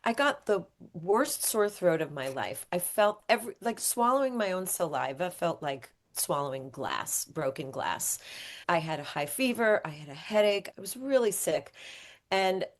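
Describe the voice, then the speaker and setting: Animated woman telling a personal story. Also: on the low side, normal speed. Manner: animated, acts out quoted speech. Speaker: guest, author. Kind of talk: candid interview storytelling.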